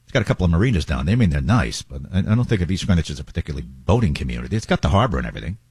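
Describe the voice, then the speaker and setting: A man's voice: rumbling low, big pitch swings, racing, a little mellow, breathy edge, dry recording. A man hosting a talk radio show, chatting casually with wandering asides.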